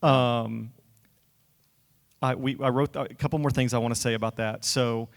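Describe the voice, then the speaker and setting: A man co-hosting a casual church-stage conversation, talking in a halting, self-correcting, friendly way. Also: medium pitch, fairly even intonation. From United States. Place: church hall. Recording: echoey hall reverb.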